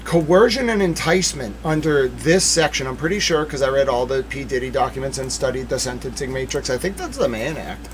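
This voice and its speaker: A young man hosting a true-crime livestream, reading court papers aloud and swinging from hushed muttering to outbursts of shouting. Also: medium pitch, expressive, fairly quick, few pauses, slight background noise, low-quality recording. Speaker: livestream host.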